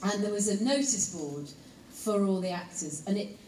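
Chatty actress telling stories in a hall. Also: female voice, mid-range voice, moderate pace. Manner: chatty and lively, teasing the audience with asides. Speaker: actress telling a story to an audience. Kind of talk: live anecdote to an audience. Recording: echoey hall, voice picked up from a distance, faint room noise.

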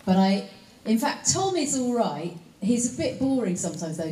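A woman's voice: on the high side, sing-song, moderate pace, mellow. Chatty woman in a roomy hall. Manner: chatty rambling storyteller, many fillers. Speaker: actress and voice actor. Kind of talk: convention panel answers. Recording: roomy hall, distant mic, faint ambience.

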